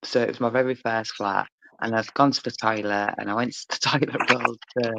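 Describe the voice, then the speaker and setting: A woman's voice: very deep voice, fairly even intonation, fairly quick, gravelly, a bit bright, no room sound, rough recording. A woman chatting casually, rambling through sweary anecdotes. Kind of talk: casual chat.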